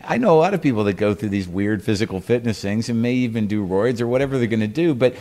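A man's voice: fairly low pitch, animated, fast talker, darkish tone. A man hosting a podcast interview, asking probing questions and pushing his guest for candid answers. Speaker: podcast host. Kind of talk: interview conversation.

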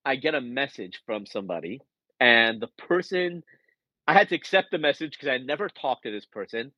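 A man's voice: medium pitch, brisk, no echo, muffled recording. A man telling a story in a casual podcast conversation, acting out the quoted lines as he goes. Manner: animated storyteller, acts out quoted dialogue. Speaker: guest, author.

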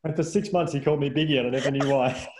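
There's a little hiss or hum under this man's mid-range, very fast speech. In his thirties and a podcast guest, he recounts anecdotes in relaxed chat, animated and laughing often, with many sentence restarts and lots of "like."

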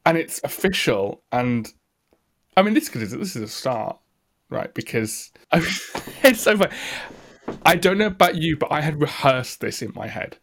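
A man's voice: on the high side, very animated, moderate pace, creaky, fairly bright tone. Rambling man podcast co-host. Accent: neutral English. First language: English. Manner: rambling, full of fillers and restarts. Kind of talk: casual chat.

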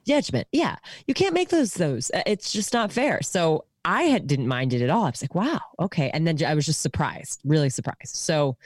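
A woman with a very low-pitched voice chatting casually. She speaks haltingly and keeps restarting her thoughts. The recording is close and dry. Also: very animated, dry recording. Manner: halting, full of restarts and fillers. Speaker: podcast co-host. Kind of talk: casual chat.

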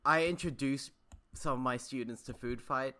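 A woman who teaches school, co-hosting a podcast and telling stories in casual chat with quick put-on quotes. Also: very deep voice. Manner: animated storytelling with playful put-on quotes.

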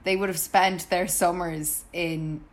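A woman's voice: lowish voice, fairly even intonation, slow pace. Giggly young woman, chatty. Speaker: podcast co-host. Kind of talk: casual gossip chat.

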